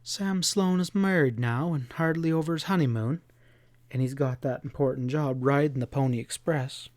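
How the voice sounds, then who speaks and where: A man's voice: mid-range voice, normal speed, a little mellow, no room sound, close to an everyday voice. A man voicing a determined, prim ranch wife in a western audiobook, speaking firmly and insistently. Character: determined ranch wife, middle-aged woman. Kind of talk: audiobook character voice.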